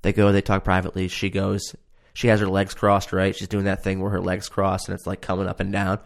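Man, fairly low voice, sarcastic, swearing a lot, exasperated casual rant. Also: completely flat delivery, fairly quick, gravelly. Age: adult. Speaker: show reviewer. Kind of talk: casual ranting commentary.

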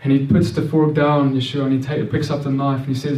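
A man's voice: medium pitch, little pitch movement, quick pace, few pauses, dark tone, far from the mic. A man preaching a sermon in an earnest, repetitive way, often restarting and stammering over words. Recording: echoey room, voice off-mic.

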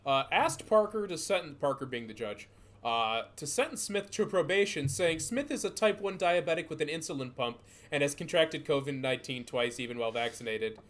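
A man hosting a comedy podcast. His voice is on the high side and swings widely in pitch. He chats in a loose, mocking way and swears often. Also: a little fast. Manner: animated, laughing, profane, mocking. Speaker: podcast host. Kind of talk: casual comedic chat.

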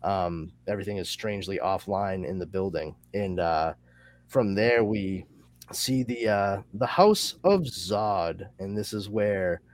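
A male podcast host chatting casually, summarizing a comic in a rambling, animated way with lots of fillers. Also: deep voice, a little slow. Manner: rambling and animated, with many fillers and excited asides.

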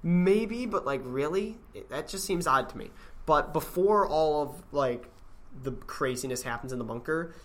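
A man's voice: on the high side, expressive, moderate pace, fairly bright tone. A man in casual movie chat, talking loosely with lots of fillers and questioning plot holes. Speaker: podcast co-host.

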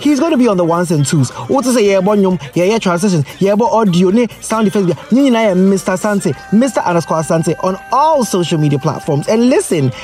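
Lively, high-voiced Ghanaian podcast host. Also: male voice, brisk, hardly any pauses, faint music behind. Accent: Ghanaian English. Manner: lively, joking, slips into local slang. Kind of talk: casual chat. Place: closet at home.

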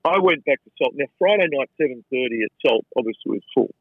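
Here the same kind of guest, an Australian chef and restaurateur, rattles off casual stories at a fast clip, his husky mid-range voice tripping over itself and doubling words. The audio is thin and phone-like, completely dry with no echo or sense of a room.

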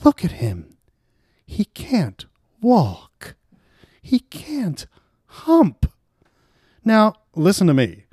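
A campy convict, played by a man, theatrical and pleading, his pitch leaping around. The sound is dry and close. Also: wildly swooping pitch, extremely slow, long pauses, darkish tone, husky, no room sound, exaggerated voice.

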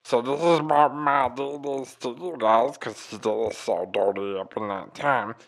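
A bumbling alien woman envoy, as a man puts her on, rambling in loose, folksy country grammar. She swings her voice up high when she gets worked up, at an everyday middle pitch otherwise. It's improvised comedy, loose and unscripted. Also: very animated, measured pace, a bit bright, rough recording.

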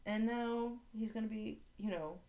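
A woman's voice: fairly high pitch, moderate pace, mellow. Chatty woman recapping TV. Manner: chatty, many fillers and restarts, reads summaries aloud. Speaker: podcast co-host. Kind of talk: casual TV recap chat.

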